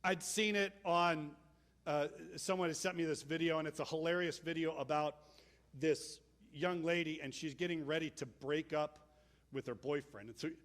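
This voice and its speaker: A man delivers a sermon in a casual, conversational way, often acting out the people in his stories. His voice sits fairly high for a man. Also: moderate pace. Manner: conversational, animated storytelling with acted-out quotes. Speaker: pastor.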